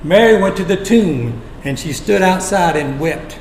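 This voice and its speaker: High-voiced preacher in an echoey room. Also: male voice, expressive, darkish tone, slight background noise. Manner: dramatic storytelling with long pauses. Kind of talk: sermon.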